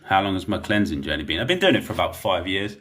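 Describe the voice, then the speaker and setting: A man's voice: low-pitched, big pitch swings, fast talker, a bit bright. A young man, chatting bluntly and rambling while reading comments on a livestream. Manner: blunt, rambling, laughs often.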